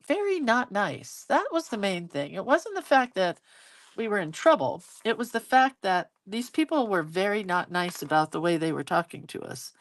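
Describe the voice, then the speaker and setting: A woman's voice: lowish voice, moderate pace, no room sound. A middle-aged woman chatting casually and telling a story while she draws, acting out quotes as she goes. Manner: chatty, animated retelling with acted quotes. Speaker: hand-lettering creator hosting a live video.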